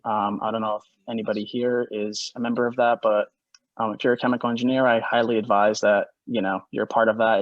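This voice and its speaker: A man's voice: fairly low pitch, dry recording, highs cut off. Hesitant young man on dry call audio. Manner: hesitant, with many filler pauses. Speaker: student presenter.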